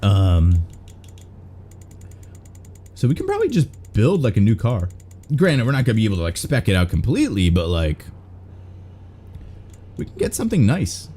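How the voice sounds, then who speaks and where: A man's voice: on the low side, wildly swooping pitch, normal speed, pauses often, warm tone. A young man doing casual, rambling live-stream gameplay commentary, swearing and self-mocking. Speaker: game streamer.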